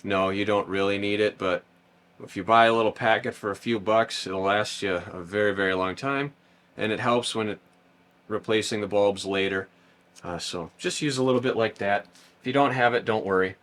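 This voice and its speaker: Speaking at a normal pace in a lowish, fairly bright voice, a how-to channel host explains a car repair. He stands outdoors by a parked car and keeps the walkthrough casual and step by step.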